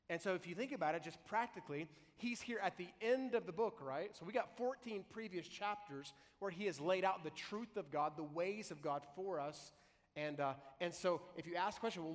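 Guy pastor preaching, kinda high voice, casual sermon, big echoey church hall. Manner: conversational preaching, slows to read scripture.

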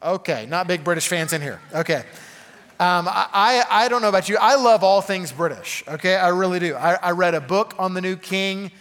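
A man's voice: sits high, moderate pace, a bit bright, in a large hall. A man preaching a conversational sermon, full of "okay?" asides to the congregation. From Arkansas. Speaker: pastor.

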